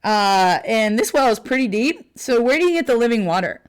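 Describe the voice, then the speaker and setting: A woman's voice: on the high side, animated, normal speed, smooth. A young woman teaching a Bible lesson in a casual, chatty way, with many fillers as she retells the story.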